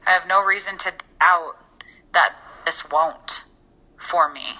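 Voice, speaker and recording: Young woman cohosting a chatty podcast, bright forceful voice, earnest, keeps restarting. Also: fairly low pitch, takes it slowly, poor audio. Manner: earnest, reflective, with frequent restarts. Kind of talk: casual chat.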